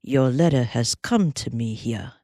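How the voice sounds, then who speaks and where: A woman voicing a grave, gentle young cowpuncher who talks in plain folksy Western speech, slow and earnest. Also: sits low, lively intonation, creaky, breathy edge, dry recording, clean studio sound, full character voice.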